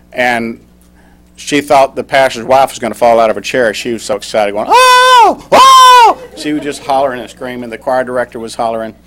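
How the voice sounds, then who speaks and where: Man telling a story in a club speech. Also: mid-range voice. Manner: storytelling, reads a poem slowly. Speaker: club speaker.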